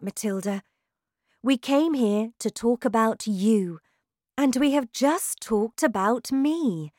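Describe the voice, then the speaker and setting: A woman reading aloud who voices a gentle, kind young woman teacher, speaking softly and calmly. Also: on the high side, no echo, studio quality, close to an everyday voice. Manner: soft, calm.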